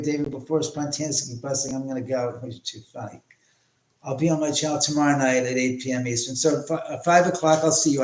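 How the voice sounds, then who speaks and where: A man's voice: medium pitch, a little mellow, echoey room, low-quality recording. A man hosting a casual livestream from his home, rambling and swearing as he chats with viewers. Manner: rambling, profane, chatty with viewers. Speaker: livestream host.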